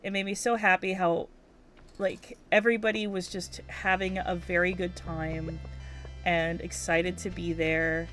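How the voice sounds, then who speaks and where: Woman streamer, casual gameplay commentary; chatty, giggly, a bit low in pitch. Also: flat delivery, measured pace, a bit bright, soft background music. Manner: chatty and giggly, talks to herself while playing.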